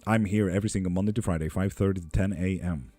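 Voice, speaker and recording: A man in his thirties chats casually with viewers on a live tarot stream, joking and answering their questions. His voice is low and dark with a husky grain. It is recorded close and dry, with faint music playing behind. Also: steady tone, fast talker, no room sound. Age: 30s. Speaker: livestream tarot reader. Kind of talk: casual live-stream chat, reading comments aloud.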